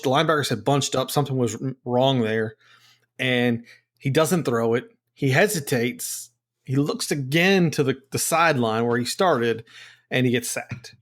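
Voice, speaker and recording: A man co-hosting a sports podcast in casual chat, ranting in frustration with many restarts. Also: mid-range voice. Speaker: podcast co-host.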